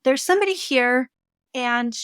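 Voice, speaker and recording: Female guest, medium, fairly high voice, animated storyteller who voices the people she quotes; dry sound. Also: normal speed, clean tone, no room sound. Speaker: guest medium and tarot reader. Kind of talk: casual storytelling.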